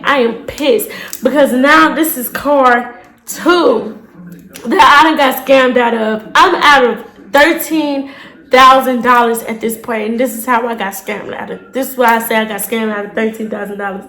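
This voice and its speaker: A young woman telling a storytime to her viewers in a casual, animated way, cursing freely and calling them y'all. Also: a little high, normal speed, reverberant. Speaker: storytime vlogger.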